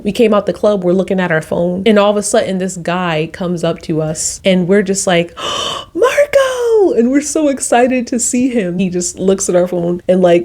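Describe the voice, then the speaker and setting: A young woman vlogger telling a travel story in a casual, animated way, acting out her own quotes with high excited bursts.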